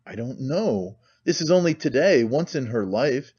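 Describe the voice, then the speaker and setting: A man voicing a timid, flustered poor young woman who speaks softly in faltering, broken-off phrases. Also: medium pitch, lively intonation, unhurried, breathy edge, highs cut off.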